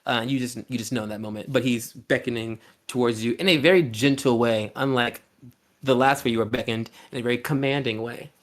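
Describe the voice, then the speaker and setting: A man's voice: mid-range voice, fairly quick. A man as game master, narrating a scene loosely with many fillers and restarts.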